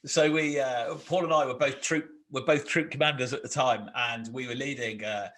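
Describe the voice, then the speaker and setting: Guy on a podcast, bright punchy voice, chatty, pokes fun at himself. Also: medium pitch, moderate pace. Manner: chatty, animated when quoting, self-mocking. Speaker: podcast co-host, ex-army officer. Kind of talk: casual conversational storytelling.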